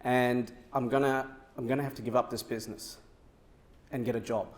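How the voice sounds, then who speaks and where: A man's voice: high-pitched, sing-song, brisk, pitched above the performer's own voice. A man voicing an eager, upbeat teenage boy entrepreneur who talks in casual, breezy slang. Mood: sad.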